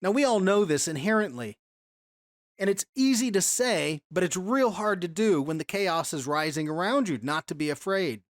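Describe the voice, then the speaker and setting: A man's voice: high voice, lively intonation, normal speed, no echo. Conversational male Bible teacher, dry sound. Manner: conversational, reads scripture aloud with emphasis, asks rhetorical questions.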